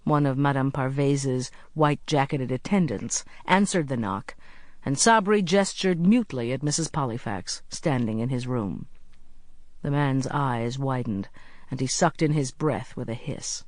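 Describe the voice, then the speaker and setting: A measured audiobook narrator reading a suspense scene at a mid pitch. The reading slows at the tense moments. The sound is dry and close to the mic. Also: expressive, no room sound. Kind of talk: scripted narration.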